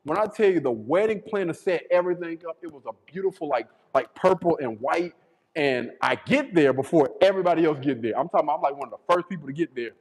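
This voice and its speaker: A man YouTuber telling a story in a casual, animated, slangy way, often repeating his words. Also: a little high, quick pace, big-room sound, low-quality recording.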